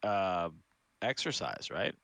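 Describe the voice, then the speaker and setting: A man's voice: low voice, very animated, slow pace, vocal fry, fairly bright tone, dry recording. A man co-hosting a podcast in casual chat, making wry, mock-serious remarks. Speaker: podcast co-host.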